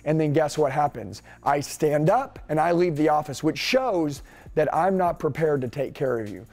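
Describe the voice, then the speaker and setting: A man coaching salespeople in an energetic, punchy way, firing off rhetorical questions. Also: on the high side, moderate pace. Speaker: sales trainer.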